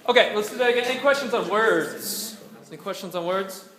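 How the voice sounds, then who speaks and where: A man running a choir rehearsal, giving brisk directions, counting in and singing lines to show the way. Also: sits high, fairly bright tone. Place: rehearsal room. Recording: echoey room with choir singing.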